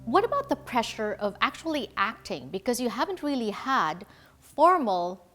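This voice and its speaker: A woman hosting a talk show, asking measured, probing interview questions. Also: a little high, big pitch swings, fairly bright tone.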